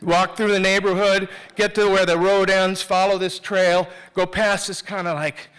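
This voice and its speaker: Before a live theater audience, a man with a fairly high, bright, smooth voice tells a personal story at normal speed and a level tone. He's candid and self-mocking, speaking loosely and doubling back or restarting, so it feels unscripted and personal.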